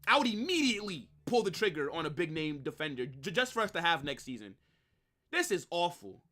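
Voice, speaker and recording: A young man hosting a live football watch-along, ranting and exasperated, rising into shouted bursts. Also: a little high, sing-song, a little fast. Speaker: fan stream host.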